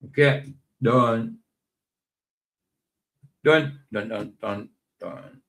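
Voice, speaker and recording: A man's voice: mid-range voice, extremely slow, gravelly, fairly bright tone. A man hosting a live stream in casual, rambling chat, often chuckling and talking to himself.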